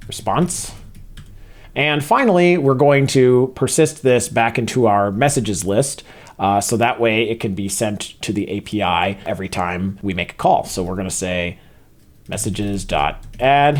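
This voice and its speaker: Lowish male voice talking through code. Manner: relaxed step-by-step narration of typed code, with frequent filler uhs. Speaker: software developer teaching a coding tutorial. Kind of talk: screen-recorded coding walkthrough.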